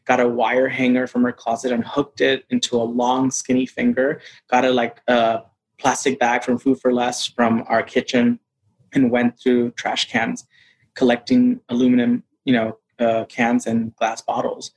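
Animated man telling a story. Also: measured pace. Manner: animated, acts out quotes in a higher voice. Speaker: interview guest. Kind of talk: storytelling in casual interview.

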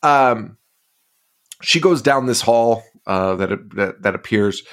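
A man's voice: lowish voice, lively intonation, slow pace, a bit bright. A man co-hosting a podcast, recapping films in casual chat, swearing and laughing as he rambles. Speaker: podcast co-host.

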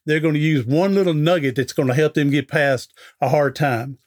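A middle-aged man with a slightly high voice speaks at a moderate pace. He's an author and speaker appearing as a guest on an interview podcast, chatting through a folksy anecdote and acting out the dialogue.

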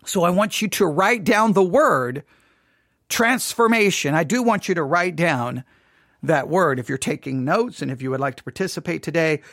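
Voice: mid-range voice, lively intonation, normal speed, a bit bright, no echo. Rambling podcast host, dry sound. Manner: rambling, repeats words, asks listeners rhetorical questions. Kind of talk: casual podcast commentary.

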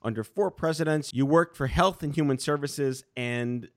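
A man's voice: a little high, normal speed, no room sound, studio quality. A man hosting a podcast, chatting casually with a guest and tossing in wry, joking asides. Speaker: podcast host. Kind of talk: casual interview chat.

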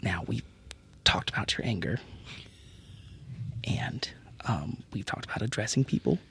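A man's voice: medium pitch, expressive, normal speed, a little hiss or hum, lightly acted. A man doing a timid whispering wood elf. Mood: hushed. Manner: hushed, hesitant, polite. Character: timid, prim male wood elf advisor.

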